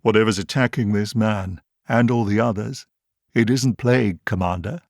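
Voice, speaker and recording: A man voicing a calm, self-assured eccentric time traveller in an audiobook, brisk and authoritative. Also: on the low side, no echo, clean studio sound, close to an everyday voice.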